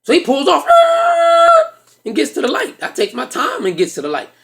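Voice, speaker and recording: This stand-up comic's voice is extremely high and gravelly, moving at a quick pace. He spins a foul-mouthed, lively tale before an audience, playing each person in it.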